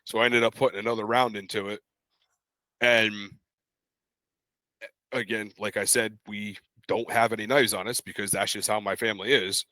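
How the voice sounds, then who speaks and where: A man's voice: lowish voice, normal speed, pauses often, no echo. A young man co-hosting a podcast, casually telling a story and acting out the voices of the people in it. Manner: animated, acts out quoted voices in his stories. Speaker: podcast co-host.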